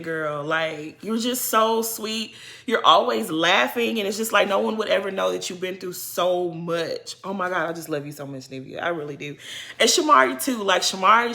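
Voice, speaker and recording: A young woman giving a casual, animated reaction commentary, talking straight to the people she discusses in an exasperated, playful way. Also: mid-range voice. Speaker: reality TV commentator.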